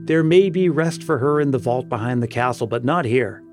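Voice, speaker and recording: Read by a man, a devout old priest speaks in fervent, pleading tones at a middling pitch. Soft music plays under the storybook reading. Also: moderate pace, lightly acted. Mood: anguished. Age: older. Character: devout old male village priest, anguished.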